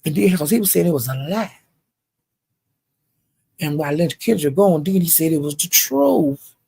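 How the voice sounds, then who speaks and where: Older woman, very gravelly, husky voice, profane animated storytelling. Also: sits low, moderate pace. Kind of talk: casual profane rant.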